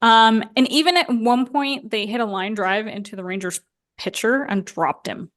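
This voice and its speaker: Podcast co-host, woman, 30s, slightly high register, casual storyteller who laughs mid-sentence. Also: moderate pace, fairly bright tone. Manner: chatty, laughs while telling a story.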